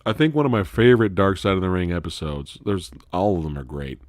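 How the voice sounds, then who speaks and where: A man's voice: low-pitched, a little fast, no echo, clean studio sound. A man hosting a casual live stream, telling stories with lots of swearing and laughter. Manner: profane, animated storytelling with frequent laughter. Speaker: host.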